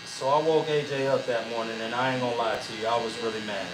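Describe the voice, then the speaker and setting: A man's voice: mid-range voice, fast talker, few pauses, roomy sound, a little hiss or hum, rough recording. A man, hosting a casual talk show and telling stories with a lot of swearing. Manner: animated, swears a lot, acts out his own shouting. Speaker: podcast host. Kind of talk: casual storytelling chat.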